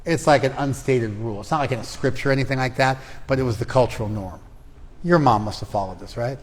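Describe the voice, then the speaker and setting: A man's voice: mid-range voice, fast. A man teaching a spiritual class, telling a traditional story in a casual, conversational way with personal asides. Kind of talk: storytelling lecture. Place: class room in a hall. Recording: long hall reverb.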